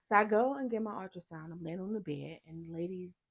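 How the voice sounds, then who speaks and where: A woman vlogger telling a personal story in casual talk, animated, acting out what other people said to her. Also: on the low side, brisk, hardly any pauses, muffled recording. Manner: animated, acts out quoted people in dialogue.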